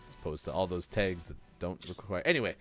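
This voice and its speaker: A man's voice: deep voice, fast talker, soft background music. A man co-hosting a morning radio show, teasing his partner in dry casual banter.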